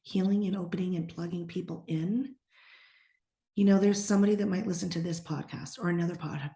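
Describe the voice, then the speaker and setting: A sassy, outspoken middle-aged woman from the eastern United States, speaking a little low for a woman and sometimes sinking into soft whispers. She comes through on a podcast recorded in a noticeably echoey room. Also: fairly even intonation, fairly quick, creaky. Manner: sassy and blunt, drops into hushed whispers when quoting. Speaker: psychic medium guest. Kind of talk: casual podcast conversation.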